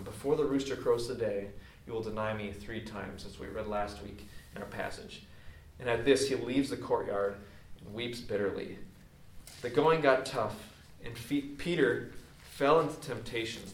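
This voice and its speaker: A pastor preaching a sermon in a conversational, explaining way, with casual asides to the congregation. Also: male voice, mid-range voice, a little hiss or hum. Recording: echoey hall, distant mic.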